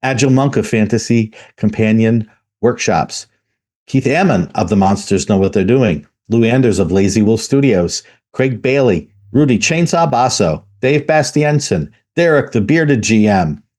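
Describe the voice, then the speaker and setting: A man hosting a tabletop gaming podcast, reading out patron credits in a steady, even way. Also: lowish voice, moderate pace. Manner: steady, even delivery reading a list of names. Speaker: podcast host.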